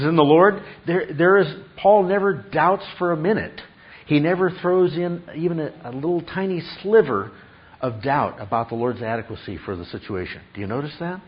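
A pastor preaches emphatically in a voice on the high side, repeating key phrases and putting questions to the congregation to stress his points. The audio sounds dull.

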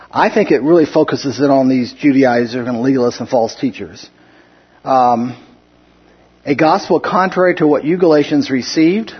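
A man leads a relaxed Bible study in a slightly higher, husky voice, talking loosely with restarts and little chuckles. The recording is dull and lo-fi. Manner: conversational, chuckling asides, halting restarts. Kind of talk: casual Bible study teaching.

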